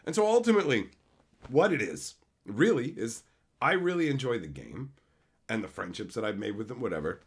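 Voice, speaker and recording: A man hosting a livestream, ranting heatedly and profanely, swinging between loud outbursts and low mutters. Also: big pitch swings, normal speed, husky. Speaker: channel host. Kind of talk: livestream rant.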